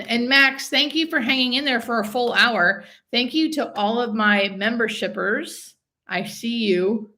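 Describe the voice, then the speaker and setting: A woman's voice: on the high side, a little slow, sharp tone. A woman, a hospice nurse, hosting a casual live stream, chatting and reading out viewer comments.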